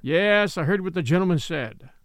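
A man reading aloud voices a soft-spoken, formally polite camp cook. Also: high-pitched, animated, normal speed, no room sound, studio quality. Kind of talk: audiobook reading.

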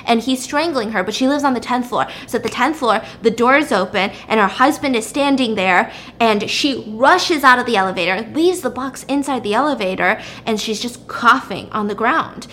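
A woman casually recapping a drama's plot in an animated, chatty way, peppering it with fillers. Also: on the high side, normal speed, slight background noise.

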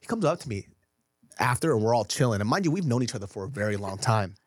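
A man co-hosting a podcast, telling a long story in casual chat with lots of swearing and animated delivery. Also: mid-range voice, quick pace, no echo, clean studio sound. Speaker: podcast co-host.

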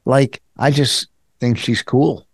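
A man's voice: mid-range voice, fairly even intonation, slow, slightly rough, no echo. Boastful, joking older man podcaster. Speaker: podcast co-host. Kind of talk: casual comedic banter.

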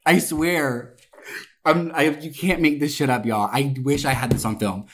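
A young adult podcast co-host telling a story in a casual, profane, animated way, swearing oaths for emphasis. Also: mid-range voice, moderate pace, husky.

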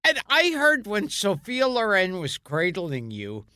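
A male podcast co-host chatting excitedly with a guest. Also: high-pitched, a little slow, clean tone, no room sound, studio quality. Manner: excitable, eager interjections. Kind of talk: casual interview chat.

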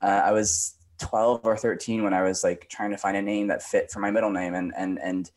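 A guest actor talking in a casual podcast chat, reflective and chatty with many filler words. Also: male voice, fairly low pitch, level tone, a little fast, darkish tone.

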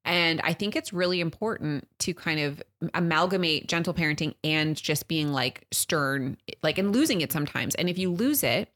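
Low-voiced chatty woman podcaster. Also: expressive, normal speed, hardly any pauses, a bit bright. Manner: chatty storytelling, acts out quotes. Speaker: podcast co-host. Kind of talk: casual chat.

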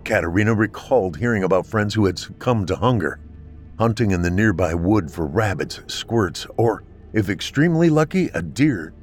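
A man steadily narrating a scripted horror story in a measured storytelling voice. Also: sits low, faint music behind.

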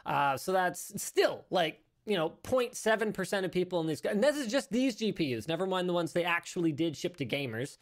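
A man's voice: high-pitched, very animated, a little fast, few pauses. A male show host talking through tech news in a casual, rambling way, correcting himself and adding joking asides.

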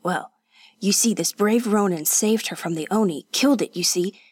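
A woman's voice: medium pitch, normal speed, a little mellow, no room sound, studio quality, natural voice. A woman voicing a blunt, scolding old male woodseller who lectures a young man in a storybook reading. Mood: gruff.

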